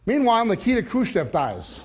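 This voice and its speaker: A man with a notably high voice giving a sermon. He tells jokes in a lively, storytelling way, then turns to reading scripture verse by verse. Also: brisk, husky. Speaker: Bible teacher.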